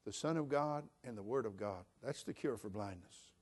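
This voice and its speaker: A man preaching a sermon, dropping to a hush and then building to loud, fervent shouts. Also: lowish voice, normal speed, breathy edge. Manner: dynamic preaching, swinging from hushed to shouting. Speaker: pastor.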